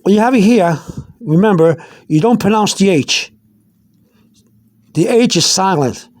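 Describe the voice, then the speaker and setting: Man, high voice, language teacher, halting, repetitive, spells letters aloud. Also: expressive, a little mellow. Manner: halting, repeats words, many fillers; explains slowly and spells out letters. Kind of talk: informal language lesson.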